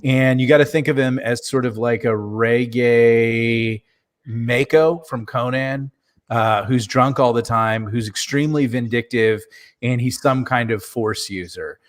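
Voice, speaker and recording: Animated male tabletop player. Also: medium pitch, unhurried. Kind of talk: casual table chat.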